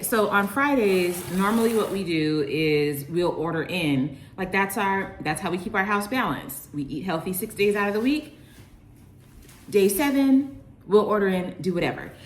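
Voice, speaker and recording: Young woman, excited food vlogger, very lively pitch, talks while eating, echoey room, faint ambience. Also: slight background noise. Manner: excited, gushing, talks with mouth full. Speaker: lifestyle vlogger. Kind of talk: casual food review to camera. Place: at home, indoors.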